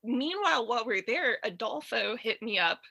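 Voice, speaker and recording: A woman's voice: a little high, normal speed, gravelly, breathy edge, no room sound. Laughing Detroit-born woman telling a story. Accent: Detroit with a Southern tinge. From Detroit, USA. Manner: laughs often, rambling animated storytelling. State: allergies, clearing throat. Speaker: guest storyteller. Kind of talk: casual chat. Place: in bed at home.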